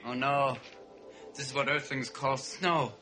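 A man playing a zany male alien visitor to Earth in a 1970s sitcom, with rapid silly wordplay. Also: mid-range voice, steady tone, bright, forceful tone, soft background music. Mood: cheeky.

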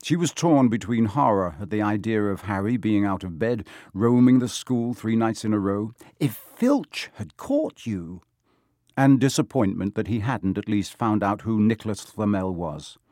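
A man reading a novel aloud as a narrator, measured and steady. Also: on the low side, no echo, studio quality. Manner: measured storytelling. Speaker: audiobook narrator. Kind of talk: scripted narration.

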